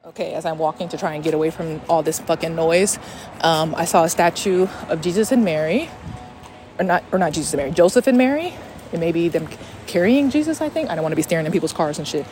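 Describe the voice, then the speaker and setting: A young woman hosting a podcast, telling a personal story in a casual, animated way while walking outdoors. She swears freely and often restarts her sentences. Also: fairly low pitch, fast talker, soft background music. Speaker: podcast host.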